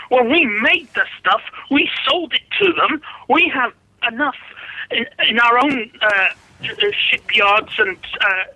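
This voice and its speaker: Stammering, ranting man, bright. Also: very high voice, dry recording, poor audio. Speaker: caller. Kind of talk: ranting phone-in call.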